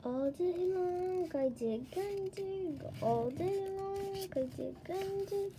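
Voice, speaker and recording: Storybook beetle, small and chirpy, a woman reading, lively high voice, hissy home recording. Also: slow, full character voice. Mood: sing-song. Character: small male beetle-like digger, singing cheerfully.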